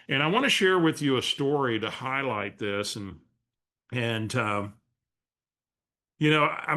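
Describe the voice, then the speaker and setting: A man leading a coaching webinar, telling a story in an animated, restarting way. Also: medium pitch. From San Antonio area, US. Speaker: real estate coach. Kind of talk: webinar training talk.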